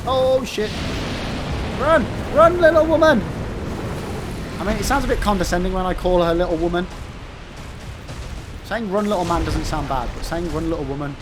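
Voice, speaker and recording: An English man doing live gameplay commentary, bantering and teasing with his chat, with sudden sweary outbursts at the game. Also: fairly high pitch. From England. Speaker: gaming streamer.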